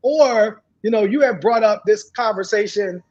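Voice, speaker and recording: A woman co-hosting a podcast in a casual group chat, talking haltingly with many fillers and restarts. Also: medium pitch, darkish tone. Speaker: podcast co-host. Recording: dull lo-fi sound.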